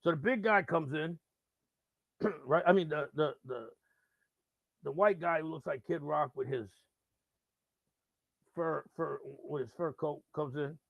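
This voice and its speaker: Gravelly, animated male radio host. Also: a little high, measured pace, pauses often, dry recording, phone-quality sound. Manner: animated, acts out quoted voices loudly. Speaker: radio host telling a story. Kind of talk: casual live-stream storytelling.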